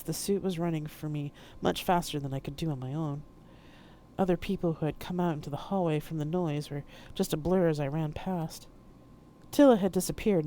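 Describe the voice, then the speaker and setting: A woman reading her own novel aloud in steady first-person narration. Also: deep voice. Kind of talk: live-streamed audiobook reading.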